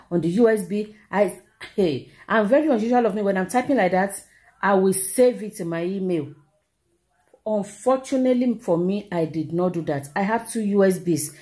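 A middle-aged Nigerian woman vlogging, telling a personal story in an animated, exclamatory way and repeating herself for emphasis. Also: mid-range voice. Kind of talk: casual storytelling to camera.

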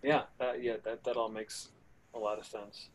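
A man co-writing in a casual chat, asking halting, tentative questions. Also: medium pitch, flat delivery, poor audio.

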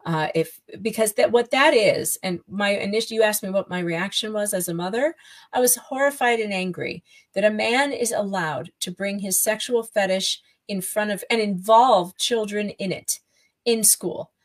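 A woman's voice: medium pitch, normal speed, rough recording. A woman guest on a podcast interview, a writer, speaking in an indignant, emphatic way.

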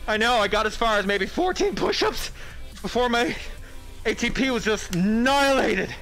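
Excitable high-voiced male streamer. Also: moderate pace, soft background music. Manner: excitable, shouts during wins, thanks subscribers. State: out of breath from push-ups. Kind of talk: live gaming stream chat. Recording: loud game gunfire behind.

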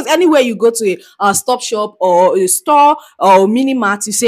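A young woman from Nigeria talks through street interview clips in a loose, chatty way. Her voice sits a little high, and she breaks into laughs and animated asides as she goes. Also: moderate pace. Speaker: reaction video host. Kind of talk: casual reaction commentary.

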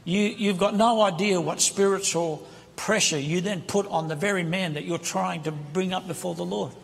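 A man's voice: sits high, normal speed, vocal fry. A man preaching a sermon from the pulpit, with impassioned, conversational preaching on a handheld microphone. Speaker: guest preacher. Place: large church sanctuary. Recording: reverberant church hall with congregation.

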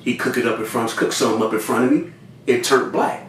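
A man telling a story in an animated way, addressing his listeners directly and acting out other people's lines. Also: fast talker. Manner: talks straight to listeners, repeats cues to remember; acts out other people's lines with big pitch jumps. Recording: roomy sound from a distant mic with faint noise.

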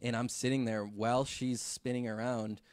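A man's voice: mid-range voice, moderate pace, no room sound. A man, a visual effects artist, telling a story in a casual podcast chat, full of fillers and swearing. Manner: relaxed, filler-heavy, swears freely.

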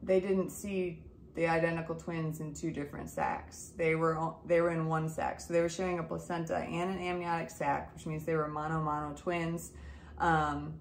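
A woman in her thirties, a mother, telling her family's story in a casual, animated way and acting out the dialogue. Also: sits low, echoey room, slight background noise. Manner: emotional, animated retelling with quoted dialogue.

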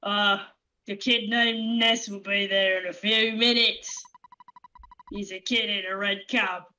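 A woman voicing a bumbling, gruff male police captain in a game playthrough, blustering and bossy. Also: medium pitch, little pitch movement, a little slow, bright, forceful tone, faint music behind, voice pushed down, poor audio.

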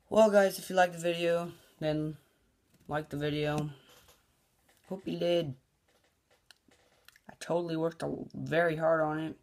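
A man's voice: fairly high pitch, fairly even intonation, unhurried, pauses often, darkish tone. A young man making a goofy comedy sketch video, silly and jumpy, dropping to mumbles and then popping back up. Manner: silly and jumpy, swinging between mumbles and yelps. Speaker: video maker.

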